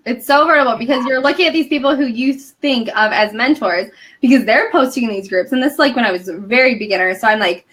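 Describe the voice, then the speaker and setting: Chatty woman guest, high bright voice, animated storyteller. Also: quick pace, hardly any pauses. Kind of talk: casual podcast chat.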